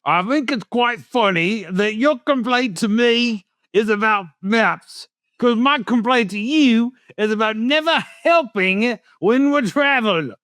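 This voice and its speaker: A man's voice: very high-pitched, lively intonation, a little slow, fairly bright tone, no echo, studio quality, pitched above the performer's own voice, full character voice. A man doing a put-on British accent as a grumpy, teasing Englishman in a comedy sketch. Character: grumpy Englishman, husband complaining.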